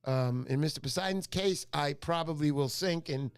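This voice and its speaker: A man's voice: on the high side, normal speed, clean tone. Joking middle-aged New man host. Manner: chatty, joking, greets viewers by name. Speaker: fishing show host. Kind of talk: casual livestream chat. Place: home livestream.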